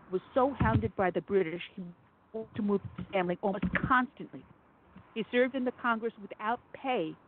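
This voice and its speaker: A woman hosting a conservative talk radio show, delivering an impassioned, emphatic monologue with sarcastic asides. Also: medium pitch. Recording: phone-like narrow audio with faint noise.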